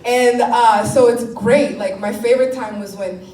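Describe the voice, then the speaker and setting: A woman's voice: a little high, a little slow, reverberant, recorded from a distance, slight background noise, poor audio. A laughing woman comic, swearing. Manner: animated, laughing often, swearing, mock-quoting people. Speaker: stand-up comedian. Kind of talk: stand-up comedy set.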